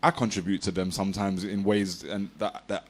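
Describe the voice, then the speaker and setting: A man's voice: deep voice, level tone, brisk. A man being interviewed, talking in a casual, slangy, reflective way and often laughing. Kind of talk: casual conversation.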